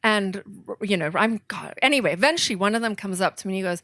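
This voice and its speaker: Animated woman author telling stories. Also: mid-range voice, quick pace, no room sound, studio quality. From southern Africa. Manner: animated, self-deprecating, laughs often. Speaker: author speaking at a bookstore event. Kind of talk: storytelling in an audience Q&A.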